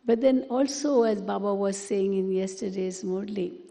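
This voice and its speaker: A woman giving a spiritual class, speaking gently and repeating words for emphasis. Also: medium pitch, moderate pace, gravelly. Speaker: spiritual teacher. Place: meditation hall. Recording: long hall reverb.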